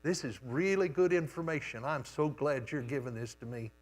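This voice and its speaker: An older preacher voicing his father as a calm, patient man who soothes an angry worker. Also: medium pitch, normal speed, natural voice. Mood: soothing. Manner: gentle, soothing, soft-spoken.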